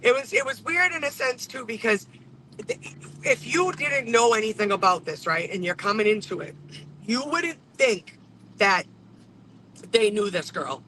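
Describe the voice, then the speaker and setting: High-voiced, bright-toned man chatting bluntly. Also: normal speed, a little hiss or hum, low-quality recording. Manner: blunt, profane, animated. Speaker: trial commentator. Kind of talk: casual livestream chat.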